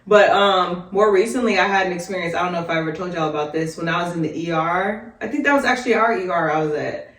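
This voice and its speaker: A woman's voice: on the low side, fast talker, few pauses, a bit bright. A woman who works as a nurse, telling workplace stories in a casual chat, laughing often and swearing freely. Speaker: nurse, podcast co-host. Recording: echoey room, distant mic.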